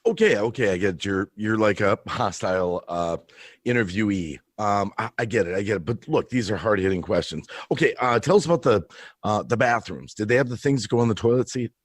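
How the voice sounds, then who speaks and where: A male streamer with a fairly low voice plays a mock interviewer in an improvised comedy interview, earnestly asking absurd questions in a rambling, halting way. The sound is dry and close.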